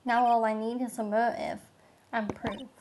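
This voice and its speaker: A woman's voice: fairly high pitch, little pitch movement, normal speed, noisy background, lightly acted. A British woman reading as an earnest young male lawyer. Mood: determined.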